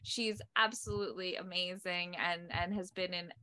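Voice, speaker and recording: A woman's voice: on the low side, steady tone, moderate pace, sharp tone, clear, resonant tone. A young woman from North Carolina co-hosting a podcast, chatting casually and laughing often. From North Carolina, USA. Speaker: podcast co-host and horror actress. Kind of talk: casual chat.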